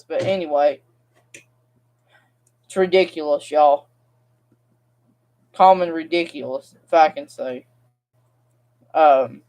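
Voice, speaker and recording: A woman's voice: fairly low pitch, darkish tone. A young woman, venting to camera in a casual, rambling vlog rant. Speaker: vlogger.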